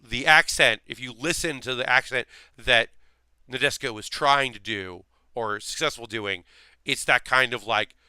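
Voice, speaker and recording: A man chats casually on his stream while he builds a model kit. His voice is bright and crisp, recorded close and dry. He rambles, trailing off and restarting often. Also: medium pitch, moderate pace, dry recording. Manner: rambling, many fillers and restarts.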